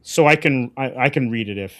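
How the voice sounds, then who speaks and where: Calm man explaining, mid-pitched. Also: a little fast. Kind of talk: casual comic book chat.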